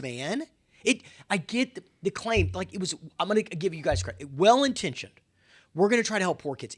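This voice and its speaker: A man's voice: sits high, big pitch swings, a little fast. A man giving an impassioned, emphatic monologue on education, getting worked up, repeating himself and telling listeners to wake up. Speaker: education commentator.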